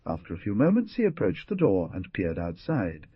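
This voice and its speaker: Husky male audiobook narrator. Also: low-pitched, huge pitch swings, normal speed, no room sound, highs cut off. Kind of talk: scripted narration.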